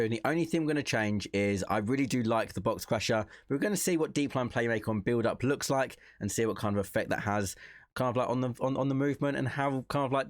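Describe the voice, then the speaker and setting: Relaxed low-voiced man commentating gameplay. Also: dry recording, studio quality. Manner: thinks aloud, relaxed and chatty, reacts to play. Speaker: gaming content creator.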